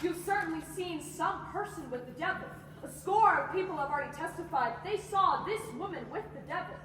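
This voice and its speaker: A teenage girl playing a stern Puritan magistrate pressing for a confession in a high school stage play. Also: expressive, a bit bright, slight background noise. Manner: insistent, drawn-out questioning. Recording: echoey hall from far off, phone.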